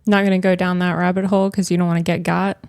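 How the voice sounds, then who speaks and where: A woman co-hosting a podcast who teases her husband and drops quick remarks into the chat. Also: fairly low pitch, level tone, darkish tone, smooth, no room sound, studio quality. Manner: teasing, quick interjections. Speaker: podcast co-host. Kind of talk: casual chat.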